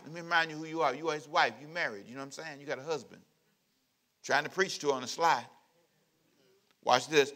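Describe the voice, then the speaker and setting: A male pastor delivering a lively sermon, playful and full of jokes, calling out to the congregation. His voice is bright, forceful and a little tense, set somewhat high for a man. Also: fairly quick. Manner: playful, joking preacher who acts out scenes; calls out to the congregation.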